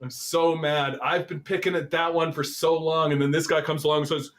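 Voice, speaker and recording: Guy ranting over a news article, kinda high voice, cursing and getting worked up. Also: fairly quick. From Canada. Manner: animated, swearing, exasperated. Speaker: political commentary host. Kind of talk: reacting to a news article read aloud.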